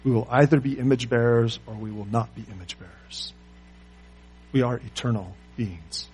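A man preaching a sermon, pressing his listeners with rhetorical questions and moving between loud emphasis and quiet asides. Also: medium pitch, fairly even intonation, normal speed, slight background noise. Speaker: pastor.

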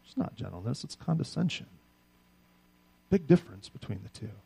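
Mellow-voiced man preaching conversationally. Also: mid-range voice, fairly quick, vocal fry, husky. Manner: conversational, animated preaching with frequent rhetorical "right?". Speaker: pastor. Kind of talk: sermon.

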